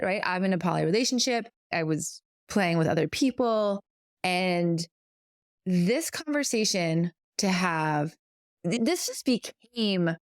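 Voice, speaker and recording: Middle-aged woman podcast co-host, low-pitched voice, dry close sound, earnest, reflective, explains at length. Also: dry recording. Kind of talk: casual conversational podcast.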